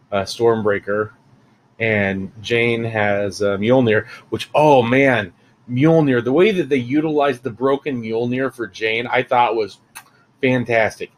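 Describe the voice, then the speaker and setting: A man's voice: mid-range voice, rough recording. A man giving a casual, rambling spoiler review of a film, full of fillers and asides. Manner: rambling, chatty, many fillers.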